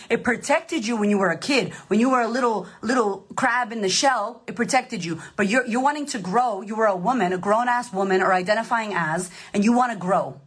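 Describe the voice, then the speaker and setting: A woman coach speaks straight to camera in a casual motivational talk. Her voice sits fairly high and has a husky edge. She is emphatic, animated and freely profane. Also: brisk, few pauses. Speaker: life coach.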